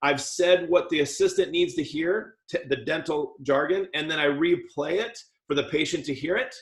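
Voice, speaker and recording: A man leads a dental team training in a lively, joking way, often slipping into what he'd say to a patient. His voice sits a little high. The sound bounces around an echoey meeting room. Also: normal speed. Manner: lively, jokey, acts out patient talk. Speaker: practice coach.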